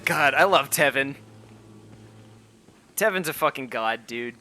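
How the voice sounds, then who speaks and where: A man streams a game over soft background music, chatting in an animated but slightly slow way with his viewers. He swears freely, gets exasperated, and launches into high, shouting rants.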